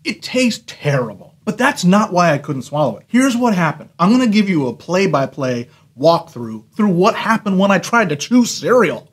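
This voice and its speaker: A man hosting a casual cereal review vlog, talking in an animated way, laughing often and playing up his disgust. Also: on the high side.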